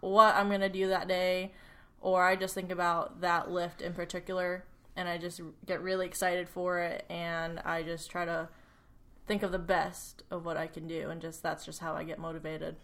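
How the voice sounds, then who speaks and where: A woman co-hosting a podcast as a trainer, chatting in a relaxed, laid-back way. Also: fairly low pitch, moderate pace. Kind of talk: casual podcast chat.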